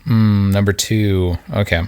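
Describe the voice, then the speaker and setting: Host: man with a very deep voice, halting and relaxed, casual podcast chat. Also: smooth. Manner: halting, many ums and uhs.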